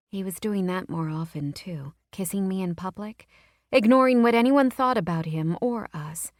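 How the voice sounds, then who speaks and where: A woman's voice: lowish voice, dry recording. A woman narrating a romance audiobook in the first person, in an intimate storytelling manner. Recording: dry close-miked audiobook.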